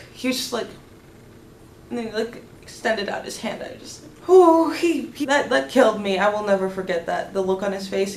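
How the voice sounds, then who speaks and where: A young woman vlogger excitedly telling a story, gushing and tripping over her words as she goes. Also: medium pitch, a little hiss or hum. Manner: gushing, restarts often, lively. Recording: roomy echo, faint background ambience.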